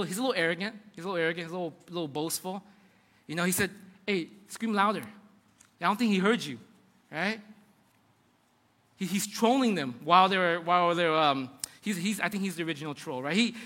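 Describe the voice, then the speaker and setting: A man's voice: high voice, bright, forceful tone. A man preaching a sermon, retelling a Bible story dramatically and with emphasis. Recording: long hall reverb.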